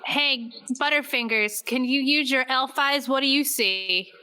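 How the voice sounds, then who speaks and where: A woman's voice: high-pitched, unhurried, sharp tone, slight background noise, poor audio. A woman playing in a remote tabletop game, bossing and bantering with the other players. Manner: bossy, bantering in character. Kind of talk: casual tabletop play.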